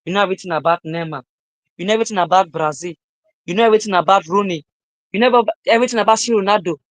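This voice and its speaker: A young man giving a live-streamed motivational talk, repeating his lines emphatically and rising at times to shouts. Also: sits high, rapid-fire, no room sound, poor audio. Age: young adult. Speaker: motivational speaker.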